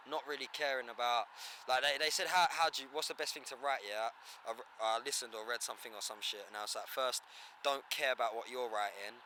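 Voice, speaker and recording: A man's voice: medium pitch, quick pace, bright, forceful tone. A man with an Essex English accent, a rapper talking casually in an outdoor interview, laid-back and full of slang and swearing. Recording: faint street noise.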